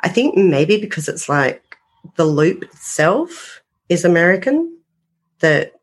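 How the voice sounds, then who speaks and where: A woman speaking at an unhurried, drawn-out pace, her voice sitting a little low. She wanders through her story as a guest on a casual interview, circling back and leaning on filler words as she goes. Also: sing-song. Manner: rambling, full of "you know" fillers. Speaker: paranormal investigator guest.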